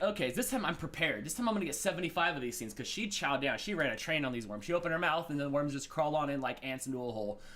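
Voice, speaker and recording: A man telling a rambling, animated story on his morning show. His pitch jumps all over as he acts out the people he met, sometimes sliding up high and sometimes dropping low and grumbly. It sounds like a casual, chatty solo monologue. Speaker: host.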